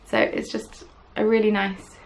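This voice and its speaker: A woman's voice: mid-range voice, flat delivery, measured pace, poor audio. A woman hosting a podcast, chatting casually and rambling with self-deprecating asides, recorded at home on camera. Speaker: podcast host. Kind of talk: casual chat.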